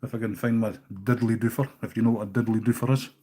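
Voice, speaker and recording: A man's voice: lowish voice, fairly even intonation, quick pace, dark tone. Easygoing Scottish man chatting while working. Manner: chatty, easygoing, swears casually. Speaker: livestream host tying fishing flies. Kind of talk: casual live-chat while working.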